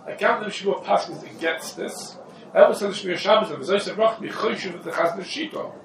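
Man teaching a Torah class, roomy and distant. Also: sits high. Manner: conversational, quick asides, Yiddish and Hebrew terms. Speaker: rabbi teaching a halacha class. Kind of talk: informal Torah lesson. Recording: roomy echo from a distant mic with faint background noise.

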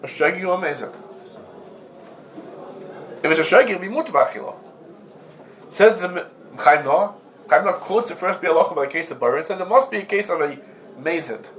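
A man's voice: high-pitched, expressive, a little fast, pauses often, fairly bright tone, a little hiss or hum, low-quality recording. A man teaching a religious law class to students, laying out cases through rhetorical questions and Hebrew terms mixed into English. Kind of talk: Talmudic law lesson.

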